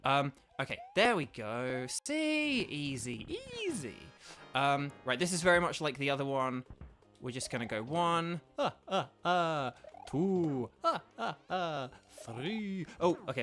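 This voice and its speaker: A man from England, with a slightly high, pushed, bright voice, chats casually while streaming a video game. A streamer and voice actor, he is polite and self-deprecating, rambling with lots of fillers. Faint game music plays in the background.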